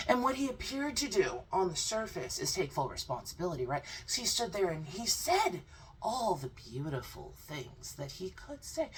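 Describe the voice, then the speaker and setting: Blunt, sarcastic low-voiced woman. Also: big pitch swings, normal speed, husky. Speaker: crypto commentary vlogger. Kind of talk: opinionated commentary vlog. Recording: distant mic with faint background noise.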